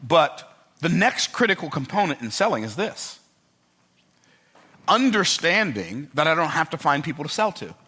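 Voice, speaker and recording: Forceful, bright-voiced older male speaker. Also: a little high, sing-song, normal speed, breathy edge. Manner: emphatic, repetitive storytelling with rhetorical check-ins. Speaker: motivational speaker. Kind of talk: motivational speech to a live audience.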